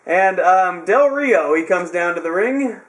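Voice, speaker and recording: A young man with a fairly high voice talks through his review in a loose, rambling way. He drops dry, sarcastic asides as he goes. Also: animated, unhurried. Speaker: wrestling show reviewer. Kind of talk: casual recap.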